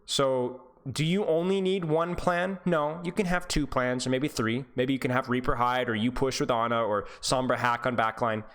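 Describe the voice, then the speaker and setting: A man's voice: mid-range voice, normal speed, few pauses, fairly bright tone, clean tone. A man coaching a player over voice chat, encouraging and repetitive, telling stories to make his point. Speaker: esports coach.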